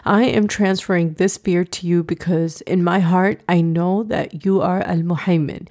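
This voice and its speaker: A woman voicing a frantic young boy who panics easily, with high-strung outbursts in a raised, breathy voice. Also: fairly even intonation, measured pace, a little mellow. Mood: whispered prayer.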